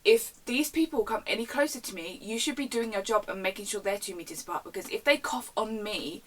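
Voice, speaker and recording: A rude, entitled middle-aged shopper barks her demands in a loud voice, as a young English vlogger puts her on. It is heard through a slightly distant mic with a faint hiss underneath. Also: medium pitch, fairly quick, close to an everyday voice. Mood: demanding.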